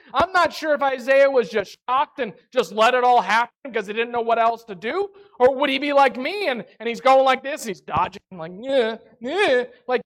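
Slow, expressive woman preaching. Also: a little high. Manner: animated, acts out reactions in quoted asides. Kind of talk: sermon.

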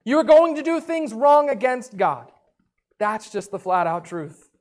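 A woman's voice: a little high, big pitch swings, measured pace, a little mellow. A woman preaching a sermon in an earnest way, reading scripture aloud. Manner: earnest, reads scripture aloud, acts out listeners' voices.

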